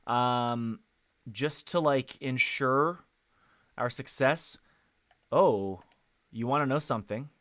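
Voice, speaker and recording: Over a headset, a man casually comments on his video game for viewers, wandering off topic, fixing his words, and using many fillers. His medium pitch has a fairly bright tone, captured dry with clean studio sound.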